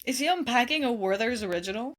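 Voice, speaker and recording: A woman's voice: fairly high pitch, animated, quick pace. A woman co-hosting a film podcast, chatting casually and trading sarcastic jokes. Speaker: podcast co-host. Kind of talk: casual chat.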